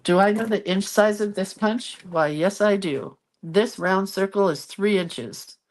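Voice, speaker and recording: A woman's voice: medium pitch, unhurried, darkish tone. A middle-aged woman chatting casually to viewers while she works on a craft project, chatty and self-deprecating. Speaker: craft vlogger.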